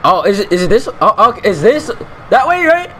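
Man, gamer, high voice, joking commentary, chats to monsters, frequent laughs. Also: very animated, fairly quick, bright, forceful tone, a little hiss or hum. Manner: jokey, talks to game enemies, laughs often. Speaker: let's play gamer. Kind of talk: casual gameplay commentary.

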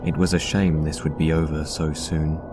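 A man reading a dark story aloud in a measured, even narration. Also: rumbling low. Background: synth music.

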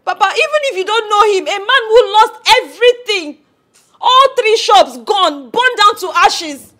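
A woman's voice: very high-pitched, lively intonation, moderate pace, a bit bright. An actress with a Nigerian accent playing a young woman in a film drama who wails and pleads with her father. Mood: reproachful. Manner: wailing, pleading. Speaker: grieving daughter. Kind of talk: Nollywood film acting.

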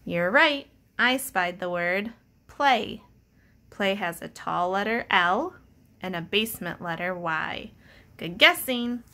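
A woman teacher speaks very slowly and deliberately, in a bright, crisp voice. She is patient and encouraging and sounds out each letter for young readers. Her tone is steady, clear and friendly. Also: medium pitch. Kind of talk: slow, clear early-reading lesson.

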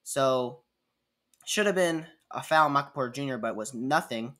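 A man's voice: mid-range voice, moderate pace, bright, forceful tone. Man casually breaking down game clips. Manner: chatty, repeats himself while replaying clips. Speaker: sports commentator.

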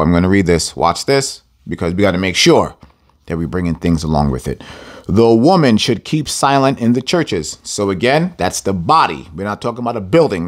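Emphatic man teaching scripture, lively pitch. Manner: emphatic, repeats phrases for emphasis; addresses listeners directly as family. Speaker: Bible teacher. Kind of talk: scripture lesson.

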